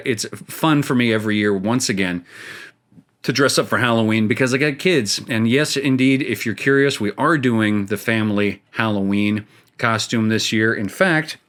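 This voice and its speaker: A man's voice: medium pitch, fairly bright tone. A middle-aged man hosting a gaming show, telling a rambling, self-mocking story while he plays and often laughing at his own jokes. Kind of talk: casual storytelling while playing a game.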